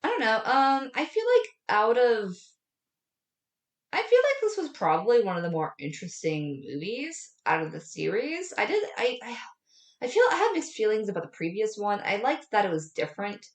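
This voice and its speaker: A woman co-hosting a casual movie review podcast, chatty and lively, walking through scenes with lots of fillers. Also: mid-range voice, normal speed, reverberant. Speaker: podcast co-host.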